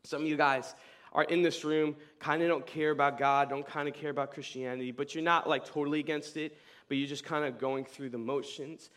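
A young adult man preaching a casual youth sermon, telling a story in slang and swinging from loud excitement to quiet earnest talk. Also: on the high side, brisk. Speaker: youth pastor.

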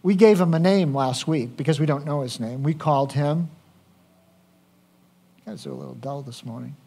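A pastor delivers a sermon in a relaxed, conversational way. His voice sits high for a man, and he takes his time. He often turns to the congregation with questions.

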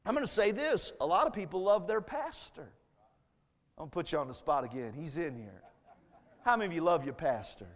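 A man preaching a fervent revival sermon as a guest preacher in a church, swelling to shouts. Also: fairly high pitch, big pitch swings, brisk. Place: church sanctuary. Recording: long church-hall reverb.

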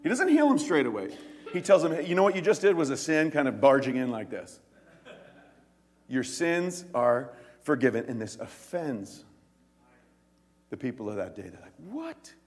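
A man preaching a sermon as pastor, telling stories in an animated way and acting out the quoted lines in quick voices. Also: medium pitch, big-room sound.

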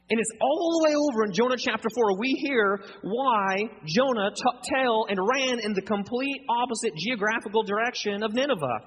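A man preaching a sermon, acting out dialogue in a lively conversational way with a husky voice. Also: sits high, normal speed, few pauses. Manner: animated, acts out dialogue, conversational asides. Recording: long hall reverb.

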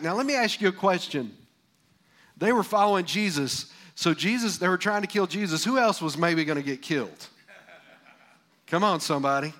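Preacher guy, bit higher voice, folksy and chatty, keeps asking the room questions. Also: normal speed. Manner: folksy, animated, asks the crowd. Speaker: pastor. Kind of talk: sermon.

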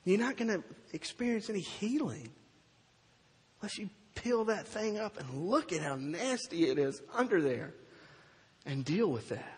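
A male preacher giving a sermon, telling a story in an animated way and slowing down for emphasis. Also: high voice, slightly rough, long reverb tail.

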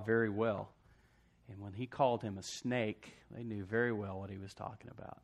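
Preaching man calling out "amen?". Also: on the low side. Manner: call-and-response preaching, asks congregation "amen?"; swings from hushed to loud for emphasis. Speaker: pastor. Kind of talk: sermon.

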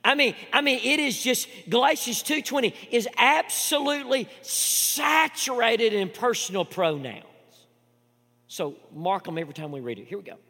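A man with a high, gravelly voice preaches a sermon in a reverberant church hall, with a low mains hum underneath. He repeats himself for emphasis, swells into loud declarations, then drops to near-whispered asides. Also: lively intonation, normal speed. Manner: emphatic preaching with repetitions, swinging from loud to hushed. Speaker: pastor.

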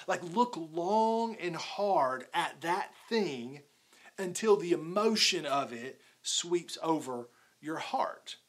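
A man's voice: high voice, fairly bright tone. Casual, chatty male pastor preaching. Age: adult, married with a daughter. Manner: casual, conversational preaching with many "like"s. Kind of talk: sermon.

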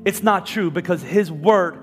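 A man's voice: high-pitched, measured pace. A man preaching a sermon as pastor, passionately acting out the voices of listeners and Bible figures. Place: church hall. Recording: long reverb with faint music behind. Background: faint instrumental music.

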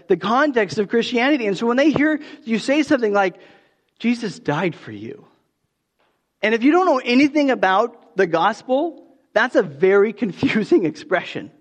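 A man preaching a sermon in a relaxed, conversational way, telling a story with many restarts and fillers. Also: high-pitched. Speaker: pastor. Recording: dull sound with long hall reverb.

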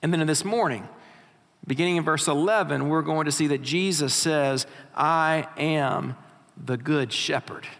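A man's voice: fairly high pitch, a little slow, fairly bright tone. A man preaching a sermon as pastor, reading scripture and asking rhetorical questions of his congregation in a church. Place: church sanctuary. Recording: long hall reverb.

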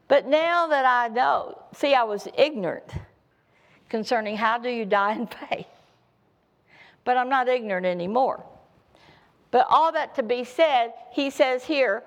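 A middle-aged woman preaching a sermon, telling folksy, humorous personal stories. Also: on the high side.

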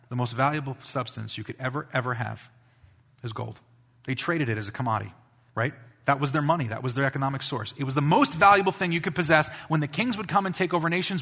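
Gravelly man preaching a casual sermon. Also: fairly high pitch, a bit bright. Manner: conversational preaching with rising emphasis and asides. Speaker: pastor.

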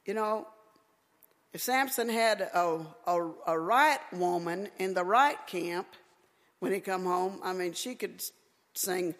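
Lady preacher giving a sermon, slow deliberate delivery, gets loud and emphatic, church sound. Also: lowish voice. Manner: emphatic, folksy, rising to near-shouts. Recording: echoey hall with long reverb.

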